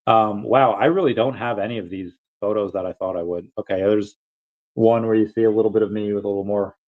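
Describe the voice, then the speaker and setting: A man's voice: on the low side, fairly even intonation, fairly quick, phone-quality sound. A man casually chatting on a livestream, answering chat questions in a rambling, self-interrupting way with frequent chuckles.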